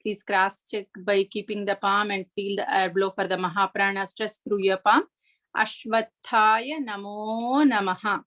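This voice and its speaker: A woman teaching the pronunciation of a chanted verse, patiently explaining each sound step by step and chanting the lines slowly. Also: medium pitch, little pitch movement, fairly bright tone. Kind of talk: online pronunciation lesson.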